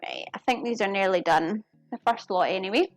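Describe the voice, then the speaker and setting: A woman's voice: medium pitch, brisk, no echo, faint music behind. A woman from the UK chatting casually with viewers while cooking in a kitchen, giggling often. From United Kingdom. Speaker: cooking streamer. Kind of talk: casual live-stream chat while cooking. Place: home kitchen.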